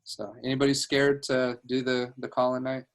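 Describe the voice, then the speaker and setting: A man's voice: mid-range voice, completely flat delivery, moderate pace. A man coaching a sales team on a video call from home, upbeat, laughing easily and restarting his phrases, talking into a headset.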